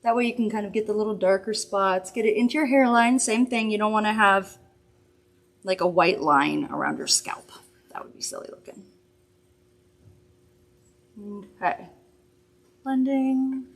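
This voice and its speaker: A woman's voice: medium pitch, unhurried, long pauses. A woman hosting a live makeup demonstration from a studio, chatty, upbeat and reassuring as she works. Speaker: makeup host.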